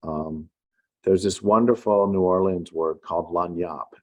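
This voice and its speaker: A middle-aged man, an author, telling a story in an unhurried, reflective way with wry asides. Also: low-pitched, a little mellow, dull audio. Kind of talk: casual spoken essay.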